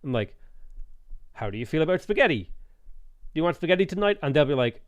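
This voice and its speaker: A man's voice: on the high side, sing-song, fairly quick, no echo, highs cut off. An Irish man in his thirties chatting casually on a live stream, rambling and blunt, swearing freely and acting out little dialogues. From Ireland.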